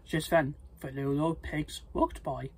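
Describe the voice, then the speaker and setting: Slow, husky storybook reader. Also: mid-range voice, steady tone, rough recording. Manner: slow, plain reading with stumbles and restarts. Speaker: storybook reader, channel host. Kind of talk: reading a children's storybook aloud.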